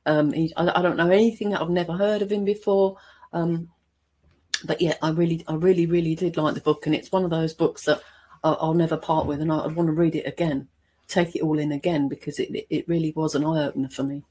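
A woman in her sixties talking casually as a book club member, hesitant and halting with many restarts. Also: low-pitched, fairly even intonation, mellow, slightly rough. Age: 60s. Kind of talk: casual chat.

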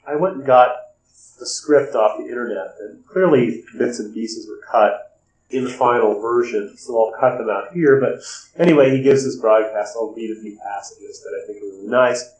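Male commentator, mid-pitched, discursive film recap with "uh" pauses, roomy echoey sound. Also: a little mellow. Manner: discursive, recounting scenes with frequent "uh" pauses. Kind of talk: spoken film analysis and recap. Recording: roomy echo.

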